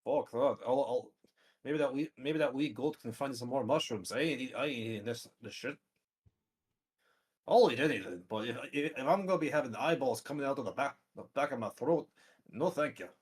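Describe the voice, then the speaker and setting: Man playing Torquil, a gruff cursing Scot. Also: mid-range voice, a little fast, natural voice. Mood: disgusted. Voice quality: blunt, cursing. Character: gruff blunt adventurer who scolds his companions.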